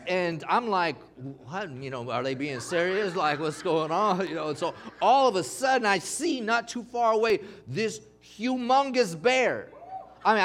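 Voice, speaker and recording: Man, pastor, middle-aged, high voice, fervent call-and-response sermon. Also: a bit bright. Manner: emphatic call-and-response preaching.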